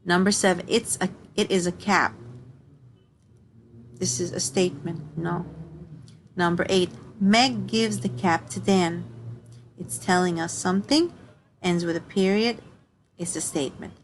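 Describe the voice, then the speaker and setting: A woman's voice: fairly low pitch, steady tone, measured pace, long pauses, slight background noise. Patient woman teaching first-grade grammar. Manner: patient, reads examples aloud and repeats them. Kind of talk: grade one grammar lesson.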